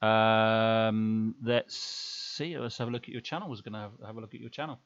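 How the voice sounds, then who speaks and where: A man's voice: fairly low pitch, steady tone, moderate pace, fairly bright tone, no room sound, highs cut off. A man hosting a casual live stream, rambling along with many fillers and restarts.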